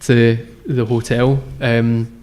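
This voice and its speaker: A man's voice: medium pitch, level tone, slow, darkish tone. A man, a guest founder telling his story in a casual interview, rambling with lots of fillers and restarts. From Scotland. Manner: rambling, filler-heavy, self-correcting.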